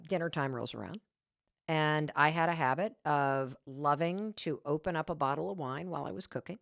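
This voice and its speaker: A woman's voice: on the low side, fairly bright tone, no echo, clean studio sound. A middle-aged woman hosting a podcast, telling a candid, self-mocking story in a casual way and acting out the quoted lines. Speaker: podcast host.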